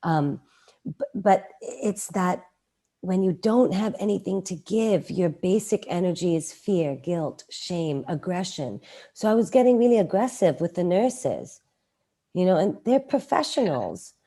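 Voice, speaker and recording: A middle-aged woman telling a personal story in a casual interview, animated and acting out quoted lines. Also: unhurried. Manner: animated, acts out quoted lines with raised pitch. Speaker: guest.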